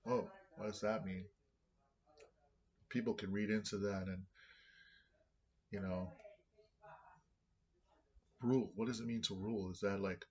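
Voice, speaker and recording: Low-voiced man reading aloud and musing. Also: fairly even intonation, measured pace, pauses often, dull audio. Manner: thinking aloud, with many restarts. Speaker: vlogger reading scripture.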